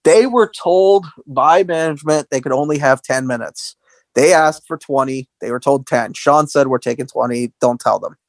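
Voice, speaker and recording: A man co-hosting a podcast, recapping wrestling history in animated casual chat and acting out quotes in a raised voice. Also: medium pitch, moderate pace, dry recording. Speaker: podcast co-host.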